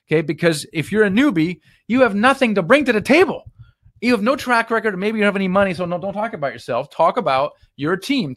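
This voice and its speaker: Brief: energetic male investing coach, slightly high voice, dry close sound, gives direct do-and-don't advice live. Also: no echo. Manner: acts out sample conversations in shifted voices. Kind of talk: live-stream teaching.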